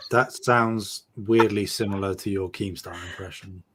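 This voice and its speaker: A man co-hosting a casual gaming podcast, teasing the others in a dry, deadpan way. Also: on the low side, moderate pace, heavy background noise. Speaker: podcast co-host. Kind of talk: casual chat.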